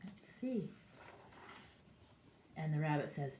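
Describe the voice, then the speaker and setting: Preschool teacher lady reading a picture book, asks the kids questions, slow and lively, roomy echo. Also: on the low side. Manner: animated, asks children questions. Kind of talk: interactive picture-book reading for young children. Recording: echoey room.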